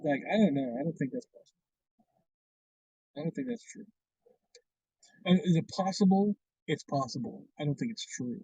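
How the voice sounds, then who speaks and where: A man's voice: a little high, creaky, a little mellow, husky, no echo. A man hosting a casual livestream chat, rambling with frequent restarts. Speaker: livestream host. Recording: dull lo-fi stream audio.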